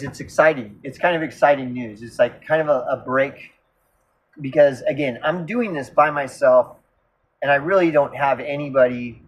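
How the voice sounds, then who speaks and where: Husky, swearing man rambling through a story. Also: mid-range voice. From Oklahoma. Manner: rambling, profane, repeats himself. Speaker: vlogger. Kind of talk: casual storytelling monologue. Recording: slightly dull lo-fi recording.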